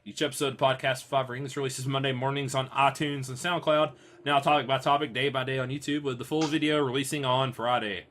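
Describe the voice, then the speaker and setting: An upbeat man hosts a casual podcast with jokey banter. His voice sits at an ordinary middle pitch for a man. He talks in a relaxed, playful way. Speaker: podcast host.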